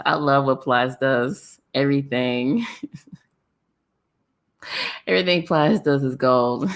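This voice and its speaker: A woman hosting a casual livestream chat, reading viewer comments aloud. She talks in an animated way, laughs often and repeats herself for effect. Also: rumbling low.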